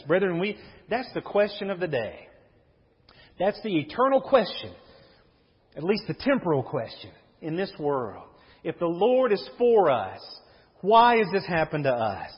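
A man's voice: sits high, sing-song, measured pace, husky. A man preaching a sermon as a pastor, reading scripture aloud and explaining it to the congregation. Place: church sanctuary. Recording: dull recording in a reverberant hall.

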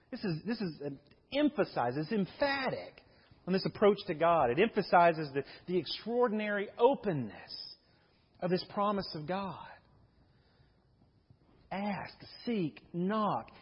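A man's voice: on the high side, breathy edge. A male pastor preaching a sermon earnestly, asking rhetorical questions and repeating key phrases. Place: church sanctuary. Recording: muffled sermon audio with long hall reverb.

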